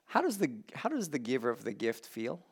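A man's voice: medium pitch, wildly swooping pitch, brisk, husky. A man preaching a sermon to a congregation in a conversational way, joking with people in the front rows. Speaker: pastor.

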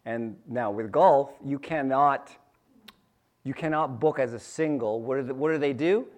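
A man's voice: medium pitch, measured pace. A man preaching a sermon in a conversational, storytelling way, often asking his listeners questions and repeating phrases for emphasis. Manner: repeats phrases, restarts sentences.

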